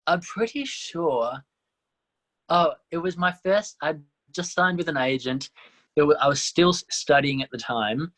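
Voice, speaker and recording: A young man in his twenties, a musical theatre actor chatting as an interview guest, animated and quick to laugh. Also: fairly high pitch. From Australia (Tasmania). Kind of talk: casual interview chat.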